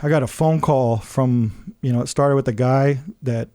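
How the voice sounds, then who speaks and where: A man's voice: medium pitch, steady tone, normal speed, mellow. A man on a podcast telling a personal story in a casual way, acting out the people he quotes and laughing often.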